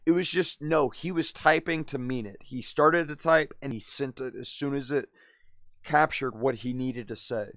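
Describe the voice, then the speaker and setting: Gravelly, rambling young-sounding streamer guy. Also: mid-range voice, normal speed, no room sound. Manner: rambling, slangy, says "dude" and "man" constantly; laughs often, drifts loud then quiet. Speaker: live streamer. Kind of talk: casual rambling storytelling.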